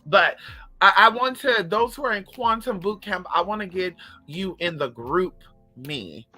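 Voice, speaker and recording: A woman's voice: medium pitch, expressive, measured pace, pushed and bright, soft background music. A woman telling stories straight to her viewers in a casual, profane vlog, as a spiritual coach who runs online classes.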